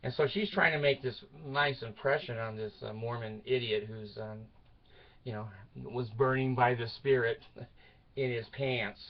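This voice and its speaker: An older man telling a rambling personal story to his channel, laughing at his own jokes and swinging between loud outbursts and mutters. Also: mid-range voice, measured pace, dull audio. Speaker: video channel host.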